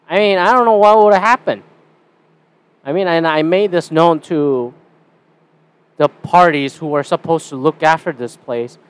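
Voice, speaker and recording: Profane, rambling young podcast man. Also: a little high. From Canada. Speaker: podcast host. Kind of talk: casual solo podcast rant.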